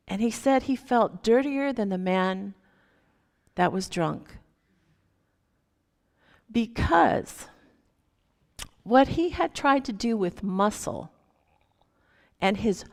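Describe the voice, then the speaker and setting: Lady minister slow and unhurried, gravelly voice, long reverb like a big church. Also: mid-range voice. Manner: unhurried, gentle storytelling. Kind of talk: sermon storytelling. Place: church sanctuary.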